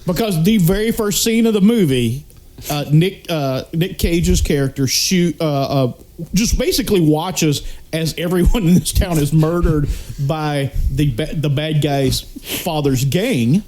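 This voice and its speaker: Guy retelling a movie scene on a podcast, kinda rambly, voice a bit high. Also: a little mellow. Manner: halting, retells scenes with fillers and restarts. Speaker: podcast co-host. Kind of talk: casual movie review chat.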